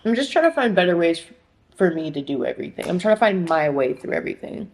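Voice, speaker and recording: A woman's voice: on the low side, very animated, quick pace, a little mellow. A young woman in her twenties rambling in a casual vlog at home, scattered and frantic, swearing and filling with "like". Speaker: vlogger. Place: apartment. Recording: echoey room with faint noise.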